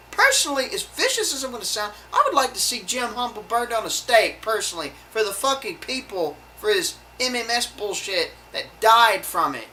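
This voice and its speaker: A woman's voice: a little high, animated, pushed and bright, a little hiss or hum, rough recording. A woman delivering a heated, profane rant to her viewers, stumbling and restarting her sentences as she goes. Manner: heated, swearing, halting with many restarts. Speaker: video blogger. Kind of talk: angry profane rant to camera.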